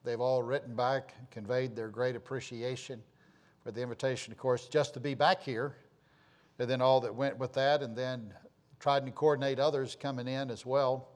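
A man's voice: medium pitch, fairly even intonation, normal speed. A man pastor telling folksy stories and announcements in church, rambling with many fillers and restarts. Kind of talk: informal sermon announcements and storytelling.

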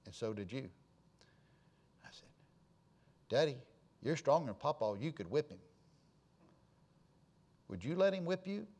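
A man, a pastor preaching a sermon and telling stories, going from hushed asides to loud emphatic lines. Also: on the high side, very animated, unhurried, long pauses. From Florida.

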